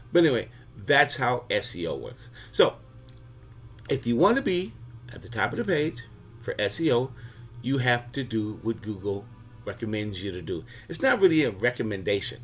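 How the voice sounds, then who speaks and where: Male host giving a casual comic explainer, chatty and fond of analogies. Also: mid-range voice. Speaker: video host.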